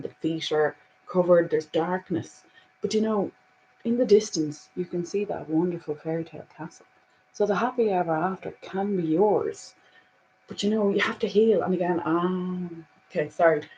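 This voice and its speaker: Woman reading oracle cards; earnest, repetitive, drops to a hush then rises emphatically. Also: lowish voice, lo-fi sound, slight background noise. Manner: earnest, repetitive "you know" fillers; swings between hushed and emphatic. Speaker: spiritual card reader.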